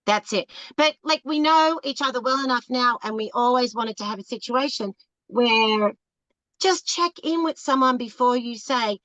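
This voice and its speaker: An Australian woman in her fifties with a fairly high, bright, forceful voice talks with candid, emphatic energy. She breaks into other people's voices as she speaks. The recording is dry and a little dull. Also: moderate pace, no room sound. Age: 50s. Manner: emphatic, animated, acts out quoted voices. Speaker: relationship coach, podcast guest. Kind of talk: candid conversational advice.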